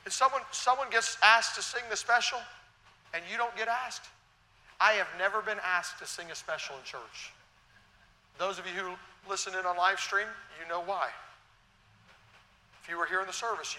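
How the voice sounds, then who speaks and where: A man with a high, very bright voice preaches a sermon in a church, swinging between hushed, earnest passages and loud, animated peaks. His voice carries a long hall reverb, with a faint hum of the room behind it. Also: brisk. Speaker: pastor. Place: church sanctuary.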